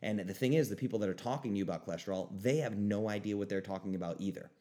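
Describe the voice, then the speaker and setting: A young man hosting his own podcast, ranting emphatically and swinging between loud outbursts and quieter asides. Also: lowish voice, very fast. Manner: animated, emphatic ranting with mocking voices. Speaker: podcast host. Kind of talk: solo podcast rant.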